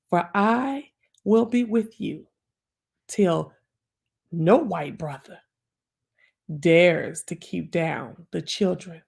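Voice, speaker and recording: A proud, wise Black mother speaking to her children, as a woman recites her, slow and solemn, at times falling to a hush. The voice has a gravelly fry at the bottom and rises a little above her usual pitch. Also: heavily acted. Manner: slow, solemn delivery dropping to whispers. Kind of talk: dramatic poetry recitation.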